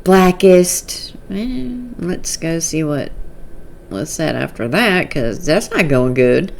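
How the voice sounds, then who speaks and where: Slow, low-voiced sarcastic woman vlogger. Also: big pitch swings, gravelly. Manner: sarcastic, exasperated, laughs often. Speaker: online drama commentator. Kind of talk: casual commentary vlog.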